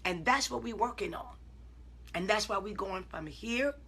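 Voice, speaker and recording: A woman's voice: medium pitch, slightly rough. A woman preacher speaking informally to online viewers, telling stories emphatically and acting out her side of conversations. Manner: swings from calm self-talk to loud, drawn-out exclamations.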